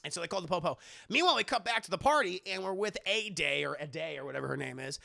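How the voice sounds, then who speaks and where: Gravelly streamer recapping a movie. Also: male voice, high-pitched, fast. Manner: animated, rambling, profane.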